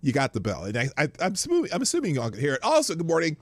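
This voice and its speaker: A man's voice: fairly high pitch, very fast, no room sound. A man hosting a morning live stream in a casual, rambling way, greeting his viewers one by one. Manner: animated, greets viewers by name, rambling asides.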